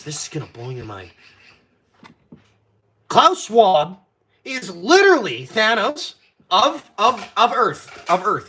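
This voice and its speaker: A man's voice: sits high, bright, forceful tone, slight background noise. A man hosting a live stream, ranting in a heated, profane, rambling way while drinking. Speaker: host. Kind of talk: casual live-stream rant.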